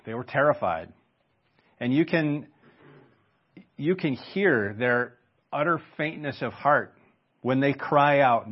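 A man's voice: medium pitch, husky, muffled recording. A man preaching a sermon in a conversational way, stopping for rhetorical questions and asides. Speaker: pastor.

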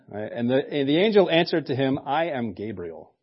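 A male pastor who preaches casually and keeps tossing in wry jokes. His voice is mid-pitched and easygoing. The recording sounds a little dull, like a church sermon capture. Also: lively intonation, a little fast, hardly any pauses, slightly rough. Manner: conversational, joking asides.

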